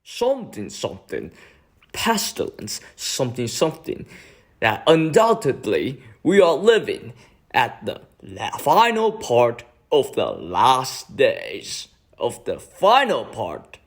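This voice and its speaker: A man putting on the voice of a pompous male religious leader, preaching in a high, drawn-out way. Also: huge pitch swings, fairly bright tone, full character voice. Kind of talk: voice impression.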